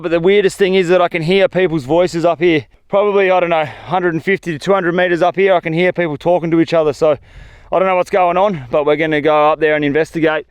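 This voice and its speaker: A man with an Australian accent vlogging outdoors in the desert, talking in a chatty, slangy, excitable way. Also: high-pitched, clear, resonant tone, no echo. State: tired. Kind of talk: casual outdoor vlog talk. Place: outdoors in desert dunes and scrub.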